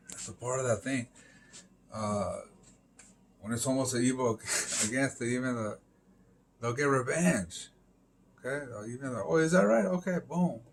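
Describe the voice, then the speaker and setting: A man's voice: medium pitch, a little hiss or hum. A man rambling through a casual monologue on a live stream, full of fillers, swearing and emphatic interjections.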